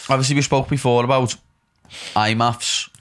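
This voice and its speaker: A man's voice: mid-range voice, fairly even intonation, moderate pace, fairly bright tone. A man with a Liverpool Scouse accent hosting a podcast, chatting casually in loose slang, rambling and playful. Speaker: podcast host. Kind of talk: casual chat.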